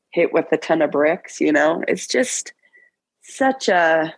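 Woman around 40 telling her story, halting and emotional, gravelly husky voice, dry sound. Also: fairly low pitch, dry recording, low-quality recording. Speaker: interview guest. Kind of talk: personal storytelling in an interview.

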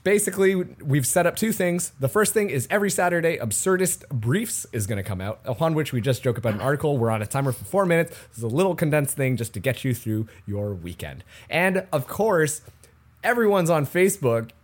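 A man's voice: on the high side, big pitch swings, a little fast. A man hosting a casual comedy podcast, joking and laughing with sarcastic asides. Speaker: podcast host.

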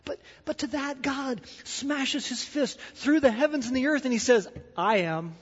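High-voiced man preaching in a reverberant hall. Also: steady tone, normal speed. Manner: emphatic preaching, swinging between loud declarations and hushed asides. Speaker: pastor. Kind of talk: sermon. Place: church sanctuary. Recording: dull sound with long hall reverb.

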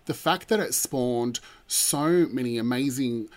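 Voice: medium pitch, unhurried. A co-host in a casual pop culture chat, enthusiastic and wry. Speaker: podcast co-host.

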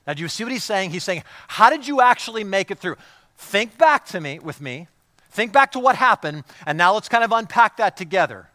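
High, bright-voiced male preacher. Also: sing-song, a little fast, no room sound. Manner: passionate, repeats words, swings from loud to hushed. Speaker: pastor. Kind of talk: sermon.

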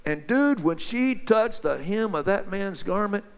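A man telling Bible stories as a folksy, excited back-and-forth chat between two friends. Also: high voice, a little slow, vocal fry, long reverb tail, dull audio, background noise. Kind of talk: two-voice dramatized Bible storytelling.

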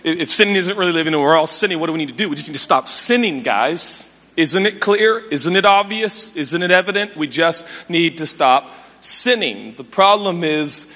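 A man preaching a sermon in a church, animated and self-mocking, with quick asides. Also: fairly high pitch. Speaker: pastor. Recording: echoey church hall.

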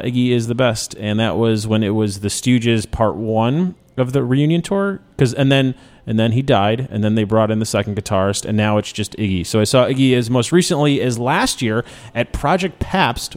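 A man's voice: mid-range voice, moderate pace, few pauses, a little mellow. Rambling, joking male radio host. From Chicago, USA. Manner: joking, self-mocking, rambling. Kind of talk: casual radio chat.

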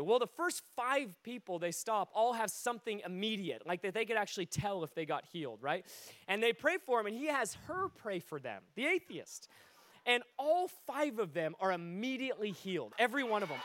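A man with a high, light voice, preaching with fervent, animated storytelling. His delivery climbs toward near-shouting at the high points. The sound is close and dry. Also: normal speed, no room sound. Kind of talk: sermon storytelling.

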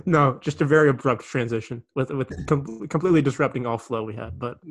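A man's voice: mid-range voice, brisk. A young man co-hosting a comedy podcast, riffing in a dry, easygoing way. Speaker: podcast co-host. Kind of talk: casual comedic banter.

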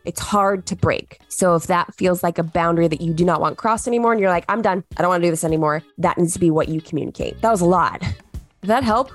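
A young woman hosting a podcast, giving casual advice in an animated way and acting out what she tells her clients. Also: mid-range voice. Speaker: podcast host, wedding planner.

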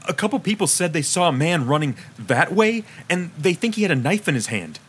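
A man's voice: a little high, very animated, fairly quick, husky, voice pushed up. A man voicing a polite, flustered young theatergoer in a spoken story.

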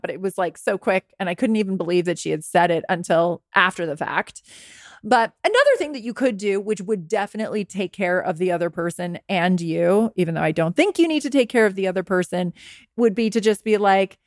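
A woman in her thirties, a dating coach talking casually on a podcast, acting out quoted replies in a lively, higher voice. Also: fast talker, dry recording, studio quality. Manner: animated, acts out quoted lines in a higher voice. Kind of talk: podcast monologue.

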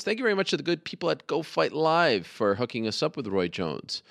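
A man's voice: medium pitch, sing-song, quick pace, vocal fry, hardly any pauses, fairly bright tone. A man hosting an interview show over a headset, upbeat and playful as he introduces a fighter. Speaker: podcast host. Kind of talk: casual interview.

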